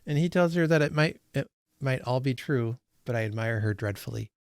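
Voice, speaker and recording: A man's voice: mid-range voice, brisk, clear, resonant tone, no room sound, clean studio sound. A man hosting a book read-along, talking casually about a novel with many fillers. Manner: conversational, frequent fillers and restarts. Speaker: book channel host.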